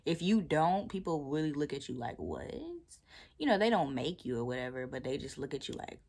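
Gravelly-voiced young Southern woman chatting. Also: deep voice, animated, fast talker, a little mellow. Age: 20s. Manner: chatty, laughing, playful asides to viewers. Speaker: vlogger. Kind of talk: casual chat while taking down twists.

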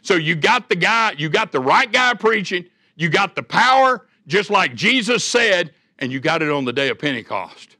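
A man's voice: high-pitched, big pitch swings, normal speed, hardly any pauses, sharp tone, dry recording, studio quality. An older man, preaching a sermon as a church elder, with folksy storytelling and homespun humor.

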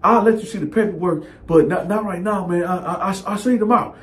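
A man voicing a nervous young male cellmate who stammers, dodges questions and speaks in a hushed, hurried way. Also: sits high, roomy sound, pitched above the performer's own voice, close to an everyday voice. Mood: nervous, evasive.

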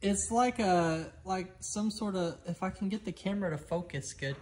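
Man, homestead vlogger, casual chat, outdoors on a farm, coaxing, excitable. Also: high-pitched, normal speed. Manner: chatty, coaxing animals, excitable.

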